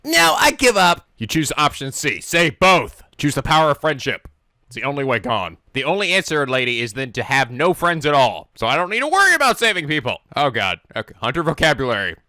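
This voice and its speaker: A man hosting a casual anime reaction, animated, laughing and swearing often. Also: mid-range voice, fairly quick, no echo.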